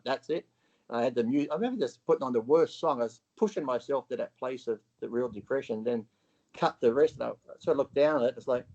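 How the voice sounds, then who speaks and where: A gravelly-voiced Australian man talks as an interview guest. He tells his story bluntly and profanely, slipping into the voices of people from it. The audio is muffled and lo-fi. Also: medium pitch, fast talker, darkish tone. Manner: blunt and profane, acts out his own past dialogue.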